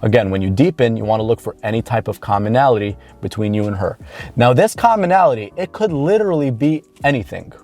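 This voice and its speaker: Talking earnestly to camera in an instructional style, a man coaches viewers on dating and repeats key points for emphasis. His medium-pitched voice is expressive and slightly dark in tone, and he speaks quickly.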